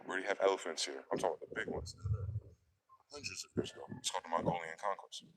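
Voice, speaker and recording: A man's voice: low-pitched, rapid-fire, a bit bright, rough recording. A man ranting in a profane, combative monologue, asking questions and answering them himself. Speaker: online video host.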